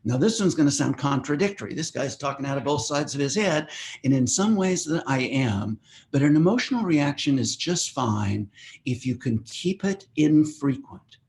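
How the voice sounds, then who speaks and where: A man's voice: fairly high pitch, expressive, moderate pace, gravelly, darkish tone. An older man giving a conversational, easygoing parenting talk in an online meeting, with friendly asides as he teaches. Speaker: parenting workshop presenter. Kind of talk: webinar talk. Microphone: web meeting microphone.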